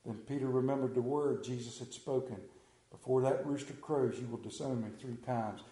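A middle-aged man with a rural Southern American accent preaching a sermon, telling stories in a folksy, animated way with sudden quiet drops. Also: mid-range voice, moderate pace, roomy sound.

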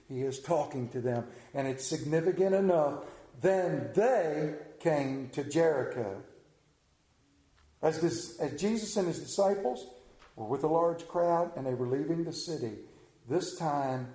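A male pastor preaches with dramatic swings, acting out lines loudly and then dropping to a hush. His voice sits on the high side but sounds mellow. The sound carries the echo of a church room. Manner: dramatic preaching, shifting from loud to hushed. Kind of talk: sermon.

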